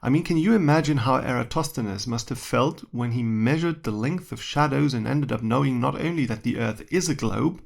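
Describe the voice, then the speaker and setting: A man's voice: mid-range voice, normal speed, creaky, hardly any pauses. A man who works as a science educator, reading his own short story aloud in a dry, wry first-person manner.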